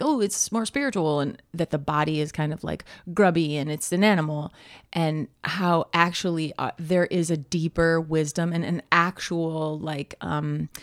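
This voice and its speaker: A woman in her thirties co-hosts a podcast in a casual chat. Her voice sits a little low, and she tells stories in an animated way, full of "like" and "um". The close studio mic sounds dry. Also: no echo. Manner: chatty, animated storytelling with many fillers and laughs. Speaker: podcast co-host.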